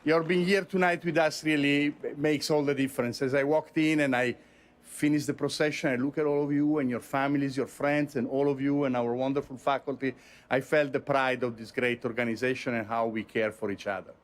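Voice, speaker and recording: A man's voice: medium pitch, fairly even intonation, fairly quick. A man from Italy with an Italian accent, a university president giving a commencement speech, joking about himself, with many fillers and restarts. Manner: warm, self-joking, many uh fillers and repeats.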